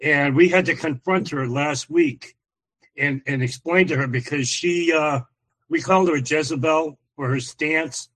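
A man calling into a talk show, telling a plain account with some halting fillers. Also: on the high side, fairly bright tone, rough recording. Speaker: caller on the show. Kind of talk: casual account.

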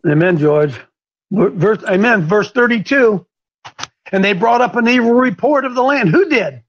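A high-pitched man leads a group Bible discussion with animated energy, now and then breaking into strained, crying voices as he acts out characters. The recording sounds dull and lo-fi. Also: moderate pace, slight background noise. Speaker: Bible study leader, called coach.

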